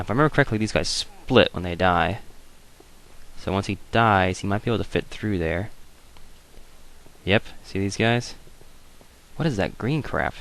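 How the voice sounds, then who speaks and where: A man with a low, gravelly voice talks through his gameplay in a loose, rambling way. He thinks aloud, drifts into wry little asides and keeps the tone of a relaxed let's-play commentary.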